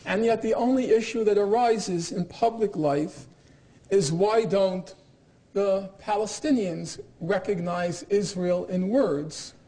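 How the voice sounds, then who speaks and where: A man's voice: high voice, a little mellow. Man giving an emphatic lecture. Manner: emphatic, argumentative, with pointed irony. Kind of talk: university lecture. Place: lecture hall.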